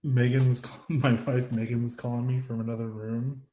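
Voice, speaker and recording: A man's voice: mid-range voice, little pitch movement, a little fast, mellow. A man co-hosting a live podcast, talking easily with a chuckle. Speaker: podcast co-host. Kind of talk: casual live chat. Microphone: phone app. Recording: roomy, muffled phone app audio.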